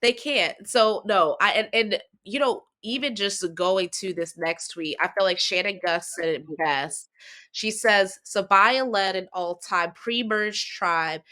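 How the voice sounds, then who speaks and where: A woman hosting a casual recap show, talking in an animated way with quick restarts and repeated words. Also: mid-range voice. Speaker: podcast host.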